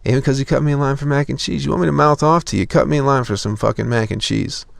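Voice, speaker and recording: A man's voice: medium pitch, fairly even intonation, quick pace, vocal fry, no room sound. A young man telling a profane, exasperated story as a podcast host in a casual comedic rant.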